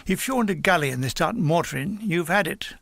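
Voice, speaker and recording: A man's voice: sits high, expressive, fairly quick, gravelly, a bit bright, no room sound, studio quality, heavily acted. A man reading the lines of a tired older army gunner in a matter-of-fact, weary way.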